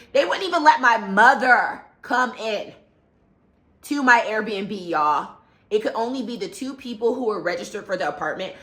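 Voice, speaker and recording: A young woman recounts a travel story straight to camera in a casual storytime vlog. Her voice is bright and forward, and she gets animated, acting out lines and crying out as the story builds. The room around her is noticeably echoey. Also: medium pitch. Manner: animated, acts out voices and cries out while retelling. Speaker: travel vlogger.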